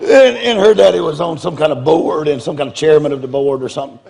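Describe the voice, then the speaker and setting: A man's voice: a little high, quick pace, creaky, background noise. A man preaching in a humorous storytelling style, blunt and self-mocking, often laughing as he talks. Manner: blunt, confrontational delivery.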